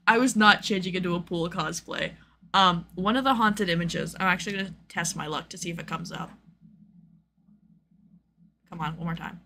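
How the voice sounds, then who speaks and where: A woman's voice: lowish voice, pushed and bright, slight background noise. A young woman streaming, chatting casually with lots of fillers and acted-out quotes. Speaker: streamer host.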